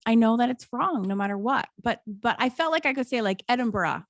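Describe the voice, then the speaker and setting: A young adult woman with an American accent, co-hosting a podcast, talking in an animated, self-mocking way. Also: fairly high pitch, fairly quick, no echo, studio quality. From United States. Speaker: podcast co-host. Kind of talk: casual chat.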